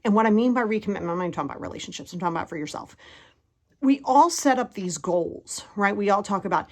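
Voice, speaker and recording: A woman's voice: mid-range voice, fast. Chatty woman in her fifties. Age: 50s. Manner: chatty, animated, acts out inner voices. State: sweaty after a workout. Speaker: motivational podcast host. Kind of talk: casual motivational talk. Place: at home in a bedroom.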